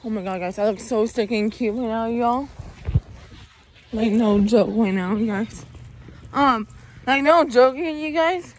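High-voiced woman rambling on a walk. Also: a little slow, pauses often, a little hiss or hum. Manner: rambling, repeats "you guys" constantly. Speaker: vlogger. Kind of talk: casual walking vlog. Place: outdoors on a walk.

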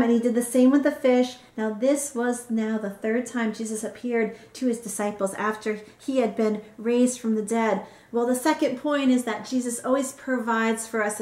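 High-voiced woman teaching Bible study. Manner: keeps asking "right?" as she teaches. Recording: roomy echo.

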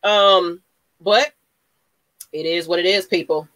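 A man's voice: high-pitched, fairly even intonation, slow pace, bright, forceful tone, no room sound. A man hosting a fan sports show, laid-back and reassuring, with casual slang.

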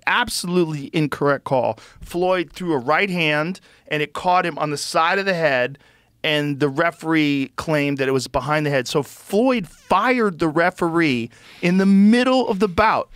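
A man hosting a podcast in casual chat, emphatic and swearing freely, loudly acting out the lines of the people he talks about. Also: fairly high pitch, animated, moderate pace, clear, resonant tone, no room sound. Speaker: podcast host.

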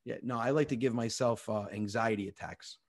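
Male comedian, storytelling, animated, swearing, quick. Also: mid-range voice. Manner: animated, profane, quick-talking. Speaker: comedian guest. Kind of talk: comic storytelling.

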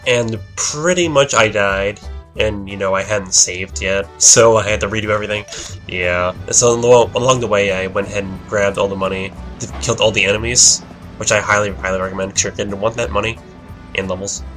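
A man's voice: on the low side, steady tone, fairly quick, a bit bright, faint music behind. A young man in his late teens giving casual gameplay commentary, mumbling and rambling with frequent self-corrections. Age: young adult. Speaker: let's play commentator.

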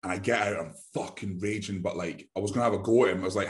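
A man's voice: deep voice, steady tone, fast talker. A Glaswegian man co-hosting a podcast, telling a long, sweary story in casual chat and acting out the other people's lines. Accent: Glaswegian Scottish. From Glasgow, Scotland. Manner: sweary, rambling storyteller who acts out the other people in his stories. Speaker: podcast co-host.

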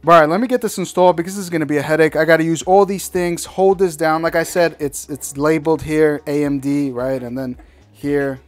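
A man walking viewers through installing a computer part, talking in a slangy, exasperated, ranting way. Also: mid-range voice. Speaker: tech reviewer. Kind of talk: casual product install walkthrough.

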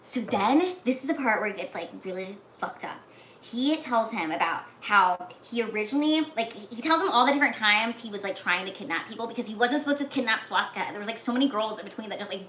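Bright, animated woman retelling a movie. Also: fairly high pitch. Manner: animated, many "like"s, acts out lines in whispers and shouts. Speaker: storyteller retelling a movie plot. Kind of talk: casual chat. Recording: echoey room with faint noise.

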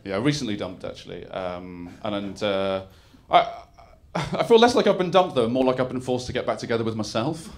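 Animated comedian on a live stage. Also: male voice, on the low side, fairly quick. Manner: animated, swings from mumbled asides to loud bursts. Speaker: stand-up comedian. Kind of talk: live stand-up set. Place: live comedy venue with audience. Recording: clear crowd noise and laughter in a theatre.

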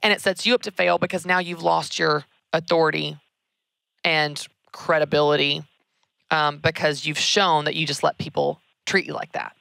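A woman, hosting a casual advice talk in an energetic, emphatic way, repeating key words. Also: deep voice, normal speed, vocal fry, dry recording, studio quality. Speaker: podcast host answering a listener question.

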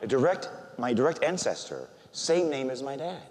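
An older man, a Catholic priest, preaching a sermon and telling a personal story with animated, emotional delivery that softens when he is moved. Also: medium pitch, moderate pace. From United States. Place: large church. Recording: church hall reverb.

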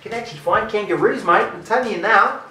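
A laid-back Australian bloke chats easily in a put-on Aussie accent, as a man puts him on. He drawls through his lines in a relaxed way. The voice is far from the mic in an echoey room, with faint music behind. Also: sits high, fast talker, raised voice. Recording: roomy, distant, music behind.

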